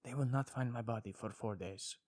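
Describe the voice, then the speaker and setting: A man voicing a melodramatic mock-Italian man with a fake Italian accent, slow and theatrical. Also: medium pitch, darkish tone, dry recording, voice pushed up, lightly acted. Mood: grim. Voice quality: slow, theatrical, drawn-out delivery.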